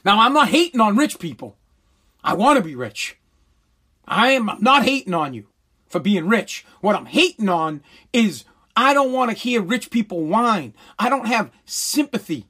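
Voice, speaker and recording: A man's voice: high-pitched, sing-song, normal speed, pushed and bright, slightly rough. A man delivering a blunt, heated, sarcastic opinion rant full of crude swearing.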